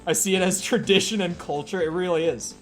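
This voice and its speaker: A man's voice: high voice, fairly quick, soft background music. A man with a Minnesotan accent chatting casually while streaming a game, rambling with lots of "like" and fillers. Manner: rambling, filler-heavy, with frequent "like". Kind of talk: casual chat while playing.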